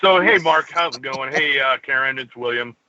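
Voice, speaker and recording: A man's voice: medium pitch, moderate pace, bright, forceful tone, dry recording. A man calling in to a talk show, joking, giggling and meandering through his thoughts. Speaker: caller. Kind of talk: casual call-in chat. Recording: lo-fi dry phone-in audio.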